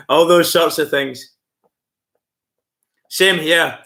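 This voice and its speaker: A man's voice: fairly high pitch, drawn-out words, creaky, pushed and bright. A Scottish man chatting casually on a live stream, swearing freely and laughing often as he answers viewers. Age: adult with school-age kids.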